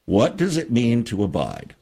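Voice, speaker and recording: Man, radio talk host, lively pitch, husky voice, emphatic preachy delivery. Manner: preachy and emphatic, with dramatic pauses. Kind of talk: Christian radio talk show. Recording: radio studio.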